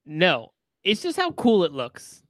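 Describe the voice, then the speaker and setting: A man's voice: sits high, wildly swooping pitch, slow pace, fairly bright tone, no room sound. A man hosting a casual chat over a video call, blunt and teasing. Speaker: podcast host.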